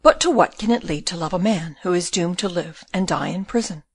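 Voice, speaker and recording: A woman reading the part of a young prince, calm and commanding, asking probing questions in an audiobook. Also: lowish voice, brisk, slightly rough, no room sound.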